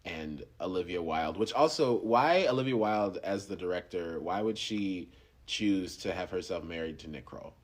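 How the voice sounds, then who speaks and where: A man's voice: low voice, expressive, normal speed. A man hosting a podcast, chatting casually about a movie with loose fillers and restarts. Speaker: podcast host. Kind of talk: casual film review chat.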